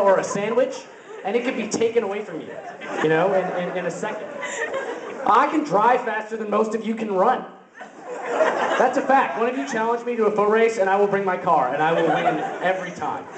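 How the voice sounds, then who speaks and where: High-voiced young man doing stand-up. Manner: rambling absurd delivery with many fillers. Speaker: stand-up comic. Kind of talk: open-mic stand-up comedy. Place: open-mic venue. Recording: roomy, distant, noisy camera recording.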